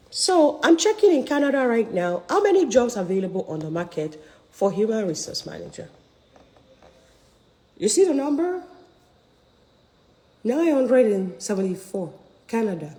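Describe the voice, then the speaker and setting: A middle-aged woman coaching on careers, talking in an emphatic, persuasive, almost preacher-like way. Her pitch sits fairly high and swoops widely. Her voice rings out with a long, echoing reverb. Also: big pitch swings, normal speed, a little mellow. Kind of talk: live online coaching talk.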